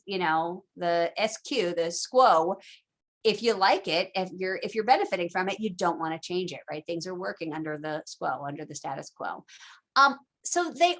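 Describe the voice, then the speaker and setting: A woman's voice: medium pitch, fairly bright tone. A woman teaching a casual recorded lecture, chatty and full of asides and fillers.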